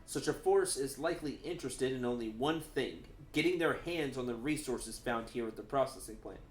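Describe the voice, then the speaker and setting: A man's voice: mid-range voice, normal speed, echoey room, slight background noise, natural voice. A man reading a formal male military officer's lines aloud from a video game. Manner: reads game dialogue aloud, stiff and formal.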